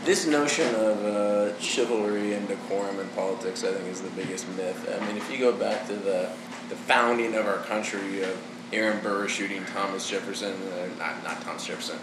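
A man's voice: fairly low pitch, brisk, echoey room, far from the mic, very noisy. A man co-hosting a podcast, giving plain-spoken opinions in casual chat. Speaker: podcast co-host.

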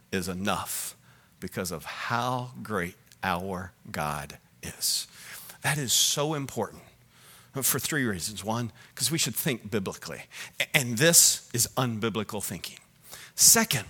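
Male pastor, sermon, lively pitch, bright forceful tone, talks to the crowd with questions. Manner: animated preaching, swinging between loud emphasis and soft low asides; asks the audience direct questions.

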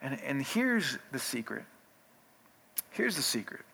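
A man's voice: mid-range voice, big pitch swings, slow pace, vocal fry, sharp tone, slightly rough. A man preaching a sermon in a conversational way, with restarts, building in intensity. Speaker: pastor.

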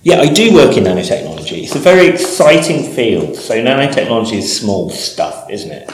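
A man's voice: mid-range voice, sing-song, fairly quick, heavy reverb, a little hiss or hum, rough recording. A man co-hosting a casual science chat, playful and teasing. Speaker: podcast co-host, scientist.

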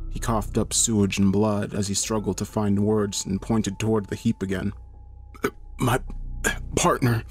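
Man, low voice, scripted horror narration, steady and measured, faint music underneath.

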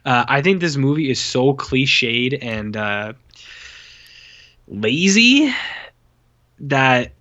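A man's voice: medium pitch, extremely slow, pauses often, dull audio. Exasperated man ranting about a movie. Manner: profane, exasperated, mocks lines in flat voices. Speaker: podcast co-host. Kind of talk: casual movie review chat.

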